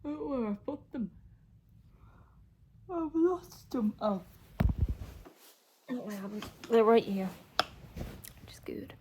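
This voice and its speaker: A woman's voice: medium pitch, a little slow, long pauses, background noise. A woman vlogging from a hotel room, rambling chattily with plenty of fillers. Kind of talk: casual chat to camera.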